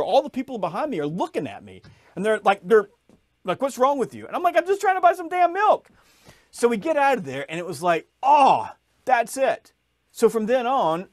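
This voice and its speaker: A man with a fairly high speaking voice tells a story with lots of energy, jumping up in pitch as he acts out the people in it. The sound is dry and close, with no room around it. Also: no room sound. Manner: lively storyteller, acts out voices, rises in pitch when excited. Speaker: podcast guest, sales author. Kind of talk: animated storytelling in conversation.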